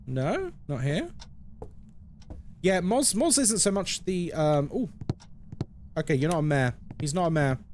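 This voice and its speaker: Lively man chatting on stream. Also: on the high side, moderate pace, slight background noise. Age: 30s. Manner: chatty, playful, reads and answers chat. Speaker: live-streamer. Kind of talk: casual live-stream chat with viewers.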